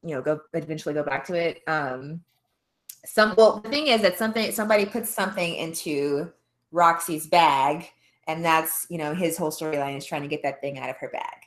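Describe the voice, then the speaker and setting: A woman's voice: sits low, brisk. A young woman co-hosting a podcast, recapping a film plot in rambling casual chat, full of "um" and "like" fillers. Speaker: podcast co-host.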